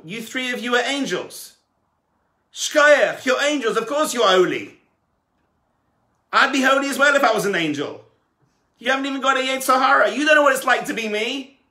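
A man voicing a defiant sinful man who argues loudly against his verdict in a heavenly court. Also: very high voice, reverberant, pitched above the performer's own voice, full character voice. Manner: indignant, pleading, raised voice.

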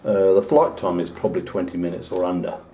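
A man vlogs casually from home, unboxing a drone and chatting the whole time in a fast, mellow, fairly even voice. There's a little hiss or hum on the recording, and he switches to a high singsong when talking to his dog.

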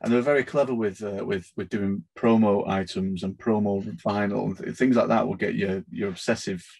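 A man's voice: fairly low pitch, fairly even intonation, a little fast, vocal fry, darkish tone, slightly rough. A man hosting a casual interview on a video call, talking hesitantly with many repeated words and laughing at himself. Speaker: interviewer, collectors group host.

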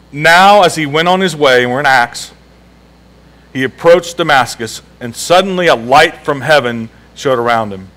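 A man's voice: fairly high pitch, a bit bright, low-quality recording. A male pastor preaching a sermon in a church, emphatic and repeating key phrases, asking the congregation questions. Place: church sanctuary.

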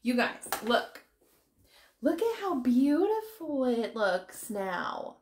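A woman's voice: high-pitched, big pitch swings, slow, a little mellow. A woman chatting casually on a live stream from her office, emotional and close to tears, laughing as she talks. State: tearful, fighting back crying. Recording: echoey room.

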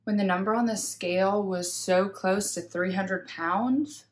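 Slow, candid young woman vlogger. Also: medium pitch, steady tone. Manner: candid, reflective, retells inner talk and dialogue. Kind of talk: personal storytelling vlog.

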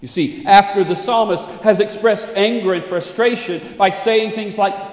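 A male pastor preaching a sermon in a dramatic way, swinging between loud declaiming and hushed asides. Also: high-pitched, moderate pace, hardly any pauses. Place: church sanctuary. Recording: echoey church sanctuary with long reverb.

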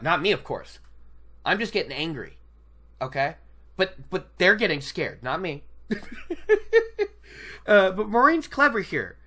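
An excitable podcast host rambles through a book discussion, laughing often and cracking himself up. The voice is bright, with a tone that swings high and low. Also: unhurried.

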